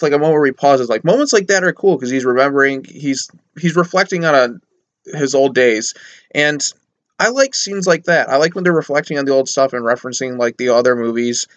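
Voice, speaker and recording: A man's voice: medium pitch, a bit bright, dry recording. A man casually reviewing a film, rambling and chatty, with sarcastic asides. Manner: rambling and conversational, full of fillers and asides; sarcastic mock voices when quoting characters. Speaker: movie reviewer.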